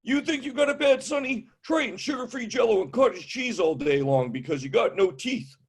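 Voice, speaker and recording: A macho old geezer, boastful and needling, with a high, husky voice that swings a lot, as a man puts him on in a stand-up routine. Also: expressive, fairly quick, exaggerated voice. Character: macho, competitive old man bragging about ailments.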